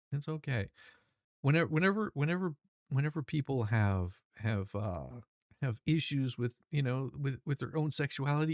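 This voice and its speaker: A man hosting his own channel reads court documents aloud and mocks the people named in them, rambling, restarting often and swearing. His voice is mid-range, with studio-quality sound and no room echo.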